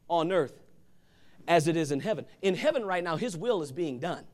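A man preaching with fervor, his fairly high voice leaping and dropping across a wide range. He pushes hard on some phrases and lets others fall to a near hush, talking straight to his congregation. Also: very animated, brisk. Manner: impassioned, swinging from loud calls to hushed asides. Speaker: pastor. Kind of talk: sermon.

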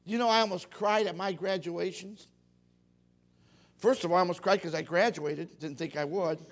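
A middle-aged preacher, whose voice is high for a man, delivers a sermon at normal speed. His style is folksy and animated, and he acts out the voices of the people he quotes.

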